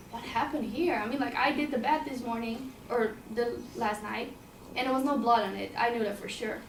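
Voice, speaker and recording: A woman's voice: fairly high pitch, vocal fry, a little hiss or hum. Woman telling a story from afar. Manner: casual, plain-spoken, repeats and swears. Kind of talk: personal storytelling to an audience. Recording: roomy sound from a distant mic, faint ambience.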